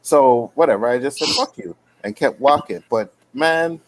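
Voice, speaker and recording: A man's voice: mid-range voice, animated, moderate pace, low-quality recording. Easygoing man telling a street story. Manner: easygoing storyteller, affirming others. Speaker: panelist. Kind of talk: casual live panel chat.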